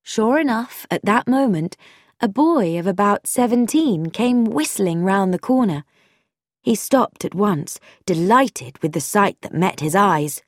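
A woman narrating a storybook in a clear, measured way. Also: mid-range voice, lively intonation, no echo, clean studio sound. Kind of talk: storybook reading.

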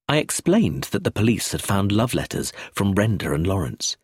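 A man reading a novel aloud as an audiobook narrator, in an expressive scripted way. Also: lowish voice, normal speed, few pauses, slightly rough, no room sound.

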